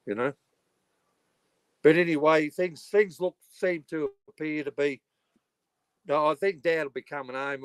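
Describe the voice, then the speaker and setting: A man's voice: medium pitch, a little mellow, no echo. Rambling, foul-mouthed Australian man. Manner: rambling, heavy swearing, frequent "you know". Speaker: livestreaming channel host. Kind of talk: rambling casual livestream chat.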